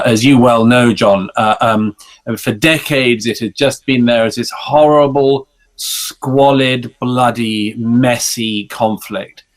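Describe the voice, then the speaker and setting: A man in his forties with a British accent answers interview questions at an even, middle pitch. He talks in a measured way, pausing often on fillers and restarting phrases. He is heard over a video call. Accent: British English. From Britain. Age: 40s. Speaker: guest author.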